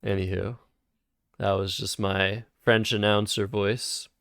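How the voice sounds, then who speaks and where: Dude streaming scrabble, chatty, slow with a gravelly smooth voice, dry sound. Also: male voice, fairly low pitch, level tone, a bit bright, dry recording. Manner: chatty, thinks aloud while playing. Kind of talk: casual live-stream commentary.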